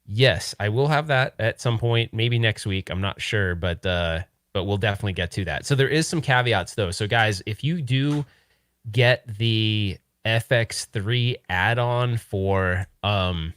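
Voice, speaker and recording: A man's voice: on the low side, unhurried, fairly bright tone, smooth, dry recording, clean studio sound. A man co-hosting a casual livestream about retro arcade gear, rambling with lots of restarts and laughs.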